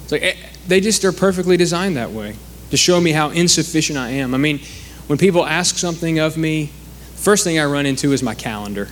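A man's voice: a little high, animated, a little fast, slight background noise. A man preaching a sermon in a conversational way, acting out the quoted speakers.

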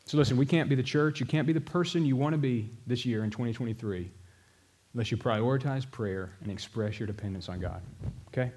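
A man's voice: medium pitch, a little fast, a little mellow. A middle-aged pastor preaching a sermon, telling a story with emphasis and speaking directly to his congregation. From American South.

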